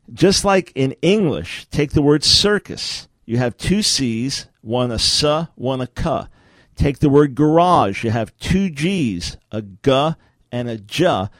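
A male radio host talking from his studio, with a dry, close sound and no room around the voice. He lectures emphatically and drives his points home with rhetorical questions. His pitch sits in an ordinary middle range. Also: no echo. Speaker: radio talk show host. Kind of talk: radio talk show teaching.

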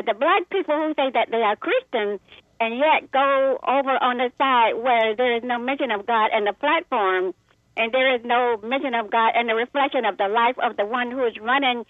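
A woman's voice: a little high, dry recording. A woman with an Asian accent calling in to a radio show, polite, earnest and emphatic. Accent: Asian-sounding. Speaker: caller. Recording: tinny phone line.

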